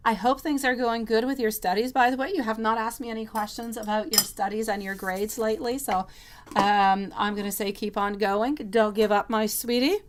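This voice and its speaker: A woman's voice: a little high, fairly even intonation, normal speed, a little hiss or hum. Chatty woman reading tarot live. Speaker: tarot reader hosting a live stream. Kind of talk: live-streamed tarot reading, answering viewers.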